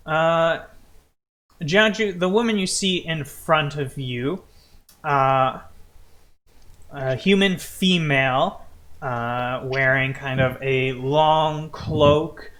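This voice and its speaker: A man narrating a tabletop game as its game master, in a slow, unhurried way. His voice is bright and forceful, with an easy, rambling delivery full of "uh" and "like.". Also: a little high.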